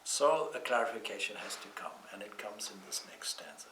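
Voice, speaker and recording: A man with a bright, clear voice gives a calm, reflective scripture class. He sits back from the microphone, and the room around him rings with echo. His phrasing is slow and deliberate. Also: fairly low pitch, recorded from a distance, a little hiss or hum. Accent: Irish. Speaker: monk teaching scripture. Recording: echoey room, speaker off-mic.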